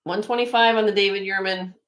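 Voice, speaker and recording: A woman hosting a live online jewelry sale, chatting excitedly and loudly as she shows each piece. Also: medium pitch, fast. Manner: excitable, loud, chatty sales patter.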